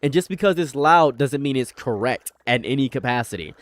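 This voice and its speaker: A man's voice: medium pitch, animated, brisk, dry recording. A young man chatting casually on a livestream from his room at home, rambling, repeating himself and mocking people. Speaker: streamer.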